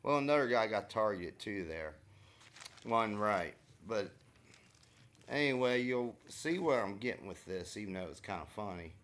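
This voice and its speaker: A man's voice: on the low side, animated, moderate pace, a bit bright. A man casually telling a rambling, wry story in a vlog, with many fillers and restarts. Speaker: vlogger.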